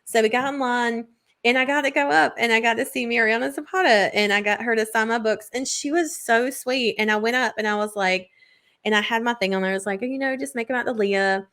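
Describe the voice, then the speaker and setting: A woman's voice: fairly high pitch, brisk, a bit bright. Chatty young woman. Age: 20s. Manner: chatty storyteller, lots of "like" and laughs. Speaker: podcast co-host. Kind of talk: casual chat.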